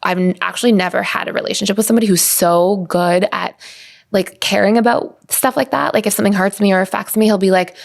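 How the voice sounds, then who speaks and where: A woman's voice: medium pitch, fairly even intonation, vocal fry. A woman in her thirties, a coach guest in a casual interview, talking in a chatty way with lots of fillers. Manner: fast, chatty, filler-heavy with many likes.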